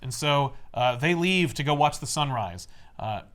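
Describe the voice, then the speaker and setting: A man's voice: mid-range voice, expressive, a little slow, a bit bright. A man co-hosting a casual podcast, recapping a comic in a rambling, filler-heavy way. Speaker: podcast co-host.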